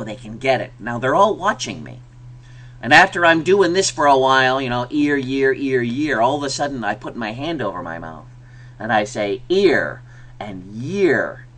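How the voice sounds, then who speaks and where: A man's voice: mid-range voice, expressive, normal speed, sharp tone. A man giving a conversational mini lecture as an ESL teacher, with many fillers, who sounds out example words aloud.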